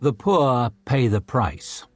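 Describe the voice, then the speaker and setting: A male audiobook narrator who tells the story at an unhurried, deliberate pace. His delivery is measured and dramatic, with a mid-range voice. The recording is close and dry. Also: medium pitch, very animated, no room sound, soft background music.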